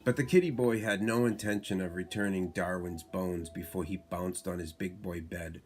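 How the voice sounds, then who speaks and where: Brief: father reading a picture book at bedtime, lower voice, very slow, faint music behind. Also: fairly even intonation. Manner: slow, unhurried reading aloud. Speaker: father reading to his son.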